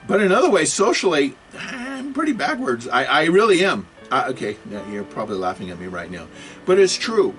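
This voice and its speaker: A man's voice: medium pitch, fairly bright tone. A man giving a self-made talk on computer security, agitated and apologetic, with frequent restarts, over faint music.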